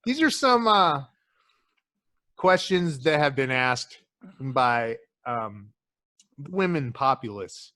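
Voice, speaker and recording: A man co-hosting a podcast, chatting crudely and swearing constantly as he tells animated stories. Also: mid-range voice, slow, long pauses. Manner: profane, swears constantly, calls listener "dude"; animated storyteller, acts out quotes. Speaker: podcast co-host. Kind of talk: crude casual chat.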